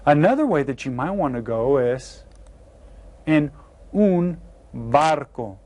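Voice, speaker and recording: A man teaching a beginner language lesson to children, slowly and patiently sounding out each word. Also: mid-range voice, lively intonation, mellow. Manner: slow, patient, carefully sounds out words. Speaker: Spanish teacher. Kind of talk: classroom video lesson.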